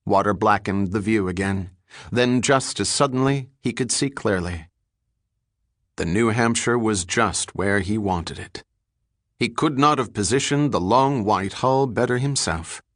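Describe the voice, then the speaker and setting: A man reading an adventure novel aloud in measured, scripted narration. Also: fairly low pitch, no room sound, clean studio sound. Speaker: audiobook narrator.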